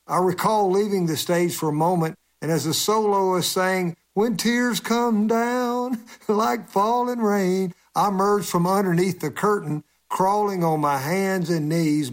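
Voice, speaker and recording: A man's voice: on the high side, moderate pace. Chuckling male humorist telling a story. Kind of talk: humorous personal story on radio.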